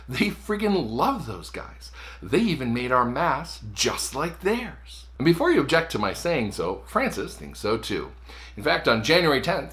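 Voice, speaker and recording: A man's voice: mid-range voice, a bit bright. A man hosting a short commentary show, reading a script in a sarcastic, opinionated way. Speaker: show host.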